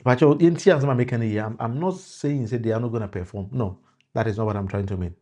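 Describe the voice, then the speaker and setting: He talks fast in a mid-range, somewhat mellow voice, carrying a Ghanaian accent. His political commentary to live-stream viewers mixes Twi and English, and he keeps restarting phrases and calling people out by name.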